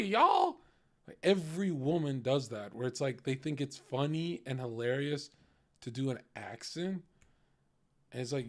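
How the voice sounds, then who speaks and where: A man's voice: medium pitch, a little mellow. A young man doing livestream reaction commentary in a crude, mocking, swear-heavy rant.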